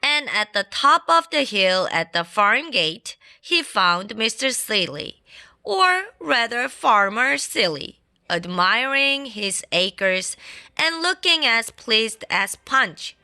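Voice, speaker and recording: A woman reading a children's storybook aloud in a playful, expressive way. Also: mid-range voice, takes it slowly, smooth. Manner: playful and expressive, adds sound effects. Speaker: storybook reader. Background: faint classical background music.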